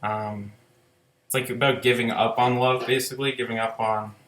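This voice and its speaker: A man's voice: medium pitch, level tone, moderate pace, a bit bright, a little hiss or hum. A man giving a casual, rambling spoken review of an album, full of "like" fillers and loose swearing.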